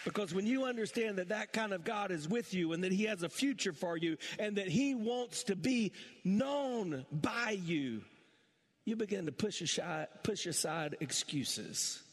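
A man's voice: high-pitched, animated, unhurried, big-room sound. A male pastor preaching a sermon, building in intensity and putting rhetorical questions to his congregation.

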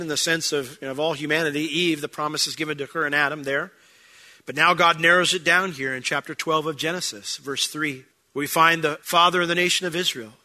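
A male pastor delivering a sermon with a very bright, ringing tone and a slightly raised pitch. He talks through scripture conversationally and slips into lively acted asides.

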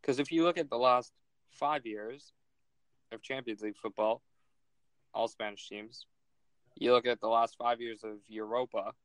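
A mid-voiced man hosts a casual sports podcast with a joking, animated delivery. His voice is dry and close, with no room sound at all. He teases and riffs easily as he reads out fan questions. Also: mid-range voice, normal speed, pauses often, smooth, no echo, low-quality recording. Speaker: podcast host.

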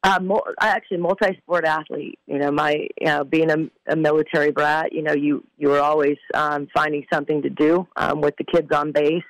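Gravelly-voiced woman guest, earnest. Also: low-pitched, steady tone, fairly quick, few pauses, dry recording, poor audio. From California, United States. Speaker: guest, former softball player. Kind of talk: casual interview.

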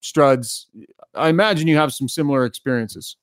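A man's voice: mid-range voice, normal speed, dry recording. Dry-miked male sports radio host. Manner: leads the segment, sets up clips. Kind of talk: casual sports talk.

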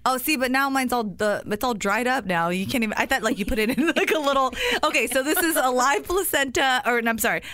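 A woman in her thirties co-hosting a podcast, curious and quick to exclaim. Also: high-pitched, fairly bright tone. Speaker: podcast co-host. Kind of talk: casual chat.

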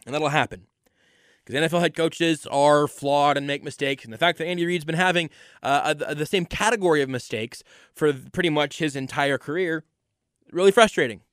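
A man's voice: a little high, brisk, a bit bright, no room sound, clean studio sound. A man hosting a sports podcast, giving an opinionated solo analysis and repeating words for emphasis. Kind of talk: solo football analysis monologue.

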